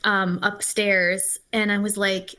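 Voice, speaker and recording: A woman's voice: mid-range voice, little pitch movement, takes it slowly, pushed and bright, clean tone. A woman guest musician chatting casually in an interview, telling stories with enthusiasm. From Los Angeles-based. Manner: talks with her mouth full. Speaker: singer-songwriter guest.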